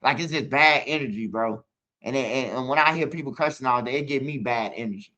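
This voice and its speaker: A man's voice: medium pitch, a little fast, bright, forceful tone. A man with a Chicago accent hosting his own channel, telling rambling, profane stories and talking straight to his viewers. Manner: profane, rambling, fills lines with "bro"; talks straight to viewers, asks for comments. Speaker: channel host. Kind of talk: casual storytelling monologue.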